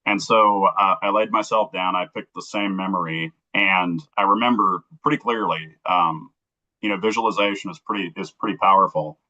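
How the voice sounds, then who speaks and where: Low-voiced, earnest man telling his story. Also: steady tone, moderate pace, sharp tone, lo-fi sound. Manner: earnest, heartfelt storytelling that acts out remembered dialogue. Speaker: interview guest. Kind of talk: telling a personal story on a livestream.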